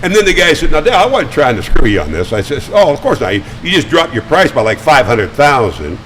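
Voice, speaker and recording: An older man talking as a guest, spinning chatty, animated anecdotes with frequent stammered restarts. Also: on the high side, fast, a little hiss or hum, poor audio. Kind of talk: casual storytelling. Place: studio.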